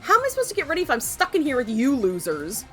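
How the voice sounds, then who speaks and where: A woman voicing a whiny, spoiled young party girl in a video game, high and impatient. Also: normal speed, soft background music, close to an everyday voice.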